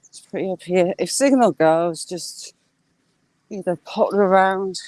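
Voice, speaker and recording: Walking outdoors through countryside fields, this vlogger talks casually to her live-stream audience, rambling along and replying to viewers' comments. She's a middle-aged northern Englishwoman whose accent mixes Yorkshire, Geordie and Cumbrian. Her fairly low, darkish voice comes at an unhurried pace, with no echo.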